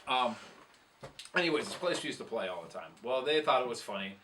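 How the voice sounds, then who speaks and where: A man's voice: mid-range voice, big pitch swings, a little fast, fairly bright tone, recorded from a distance, a little hiss or hum. A man telling a long, rambling, profane tour story in casual chat, laughing at himself as he goes. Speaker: guest musician telling tour stories.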